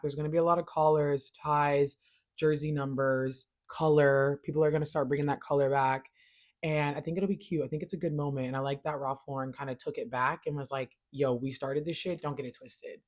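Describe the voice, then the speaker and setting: A woman hosting a casual pop culture show, chatting in an animated, slangy way and gushing over what she loves. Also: low-pitched. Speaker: pop culture podcast host. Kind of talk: casual chat.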